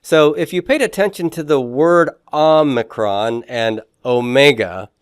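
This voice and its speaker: Brief: male lecturer, unhurried delivery, smooth resonant voice, dry sound, repeats pronunciations for the class. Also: medium pitch, no room sound. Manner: slow, repeats pronunciations, many fillers, quizzes the class. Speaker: Greek teacher.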